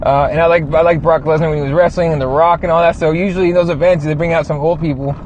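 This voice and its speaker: Swearing, high-voiced man ranting in a car. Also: fairly even intonation, quick pace, darkish tone, a little hiss or hum. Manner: rambling, swears a lot, reads chat comments aloud. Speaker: show host. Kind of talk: casual profane rant.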